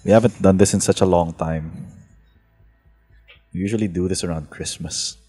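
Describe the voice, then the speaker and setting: A man chatting casually with friends in quick, rambling talk. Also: low voice, fairly even intonation, mellow, husky, long reverb tail, faint music behind. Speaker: co-player. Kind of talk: casual chat.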